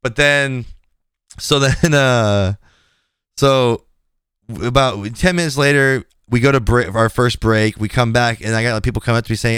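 A man's voice: medium pitch, normal speed, a bit bright, smooth, no room sound, clean studio sound. A male podcast host in casual chat, telling a story bluntly and animatedly, acting out the quoted lines and swearing now and then.

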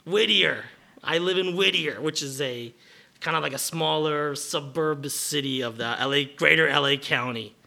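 A man's voice: a little high, moderate pace, gravelly, pushed and bright. A man improvising a scene at a bar, hesitant with many fillers and narrating his own moves. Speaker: improv performer.

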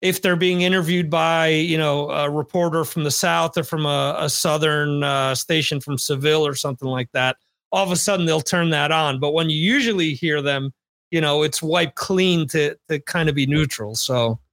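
Male podcast host, casual rambling chat, higher voice, dry close mic. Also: normal speed, vocal fry, fairly bright tone, no echo. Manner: rambling, many restarts and fillers.

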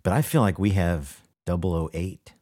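A man's voice: low voice, moderate pace, a little mellow. A man hosting a podcast in enthusiastic, playful casual chat. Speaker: podcast host.

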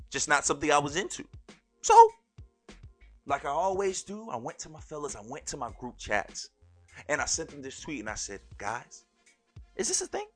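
Animated, bright-voiced male podcast host. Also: fairly high pitch. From born in Turkey, raised overseas in a military family. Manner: animated storytelling, repeats "ladies and gentlemen". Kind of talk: solo podcast monologue.

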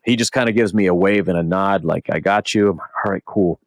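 A young man co-hosting a podcast, telling a story in casual chat, animated and swearing a lot as he acts out what people said. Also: sits low, fairly quick, no room sound. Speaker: podcast co-host.

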